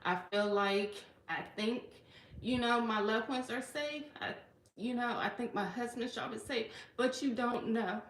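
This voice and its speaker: A woman's voice: on the high side, unhurried, a bit bright, slight background noise. A woman from Washington DC, a federal worker, talking earnestly in a personal livestream and often saying "okay" and "you know". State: tearful at times. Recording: echoey room.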